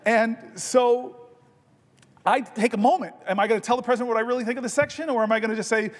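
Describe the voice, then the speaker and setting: A man's voice: extremely high pitch, normal speed, pauses often. A man, a senator holding the floor, telling a personal story with self-deprecating humor in an extemporaneous floor speech in a large legislative chamber. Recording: long chamber reverb.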